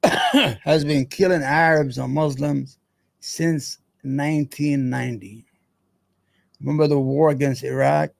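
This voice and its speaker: A man's voice: medium pitch, vocal fry, darkish tone, no echo. Heated, profane man reading headlines. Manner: profane, heated, sarcastic, rambling; mutters to himself between headlines. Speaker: streaming show host. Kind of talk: casual live-stream commentary on headlines.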